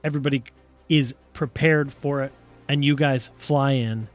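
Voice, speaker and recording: A man's voice: mid-range voice, flat delivery, measured pace, soft background music. A man narrating as game master of a tabletop game, playful and often laughing as he describes the action.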